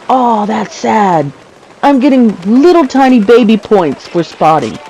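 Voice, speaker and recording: Male gamer, joking commentary, high voice, slow unhurried delivery. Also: very animated, a little mellow, husky, rough recording. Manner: jokey, chuckles often, talks back to the game. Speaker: gamer narrating his play. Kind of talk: casual gameplay commentary.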